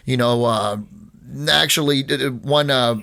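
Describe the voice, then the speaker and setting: Gravelly man rambling through a story. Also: mid-range voice, measured pace, pushed and bright. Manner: rambling, many restarts and fillers, retells exchanges with quoted dialogue. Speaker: skatepark owner, podcast guest. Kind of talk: casual storytelling chat.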